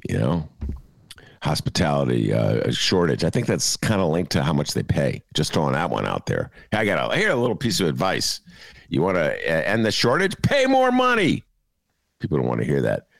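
Gravelly, animated older man riffing. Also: rumbling low, brisk, no echo, clean studio sound. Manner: jokey and animated, riffing with asides. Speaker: podcast co-host. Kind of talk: casual political commentary.

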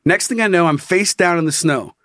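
A man's voice: high-pitched, a little fast, no echo, clean studio sound. A man hosting a podcast, telling a story dramatically with swearing and laughs, in a casual chat style. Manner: animated, swearing, laughing at his own story. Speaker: podcast host.

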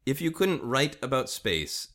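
A woman's voice: a bass voice, very animated, measured pace, slight background noise. A woman hosting a casual interview, playful and teasing, swearing freely. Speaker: host.

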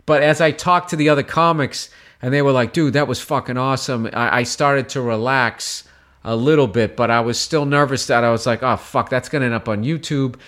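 A man, a stand-up comedian, telling a long story in casual conversation, swearing freely and jumping up high in pitch when he quotes people. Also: brisk. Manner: animated, profane, jumps in pitch when quoting people.

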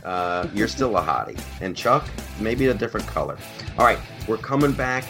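A man's voice: on the low side, sing-song, moderate pace, music in the background. A man hosting a podcast, talking politics in a rambling, emphatic, joking way. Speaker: podcast host. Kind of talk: casual political chat.

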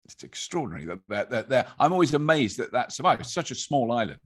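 An English man chatting as a podcast guest, a lively storyteller who restarts sentences and laughs as he goes. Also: mid-range voice, quick pace. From England. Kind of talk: casual conversation.

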